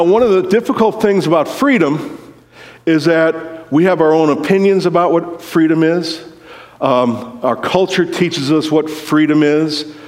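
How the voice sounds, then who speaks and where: A male preacher delivers a sermon in a slow, unhurried way, now and then breaking into shouted movie lines. His voice sits a little high. The sound carries a long reverb, as if spoken in a large church hall. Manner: storytelling, acts out movie lines with sudden shouts.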